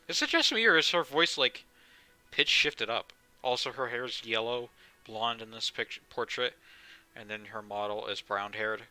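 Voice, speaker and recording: A man's voice: medium pitch, normal speed, bright, forceful tone, dry recording, faint music behind, poor audio. An American man streaming a video game live, talking in a casual, profane and sarcastic way and reading the game text aloud. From United States.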